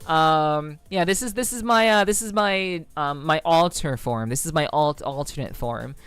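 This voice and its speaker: A woman streamer chatting casually with her viewers, relaxed and rambling, with frequent ums and soft laughs. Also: low-pitched, moderate pace, smooth, no room sound, faint music behind. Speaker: VTuber streamer. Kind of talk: casual livestream chat with viewers.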